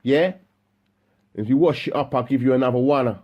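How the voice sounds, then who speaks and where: A man voicing a young male robber with a Cockney accent, bargaining in a casual, husky voice. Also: medium pitch, a little fast, lo-fi sound, soft background music, natural voice. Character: armed young male robber posing as a boyfriend.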